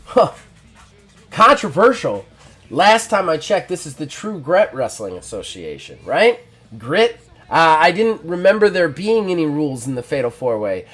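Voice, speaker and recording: A man voicing a brash, boastful male pro wrestler champion who talks loudly and taunts. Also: on the high side, very animated, a little slow, soft background music, exaggerated voice. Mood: smug.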